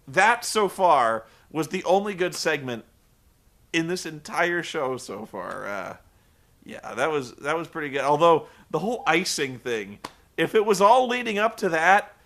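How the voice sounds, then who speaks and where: A man recapping a show in a sarcastic, profane comedic style, acting out the people in it. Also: a little high. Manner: sarcastic, swearing, animated storytelling.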